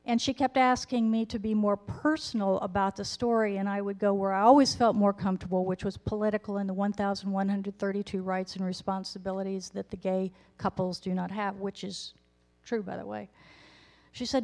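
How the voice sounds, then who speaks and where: A woman in her fifties tells her own story in a candid, self-deprecating way. Her voice sits at an ordinary middle pitch, and she mixes honest reflection with wry humor. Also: steady tone, fairly quick, a little mellow. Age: 50s. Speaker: speaker telling her story. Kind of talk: personal storytelling talk.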